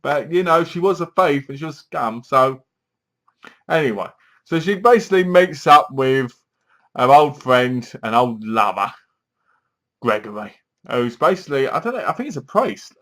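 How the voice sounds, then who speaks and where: Man, middle pitch, casual film reviewer who rambles and acts out scenes. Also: animated, normal speed, fairly bright tone. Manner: rambling, acts out the characters' lines.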